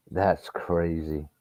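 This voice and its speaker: A man's voice: low voice, dark tone, no echo. A man hosting a live boxing stream, reacting in casual, profane, emphatic commentary. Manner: profane, emphatic, drawn-out remarks. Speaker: boxing livestream host.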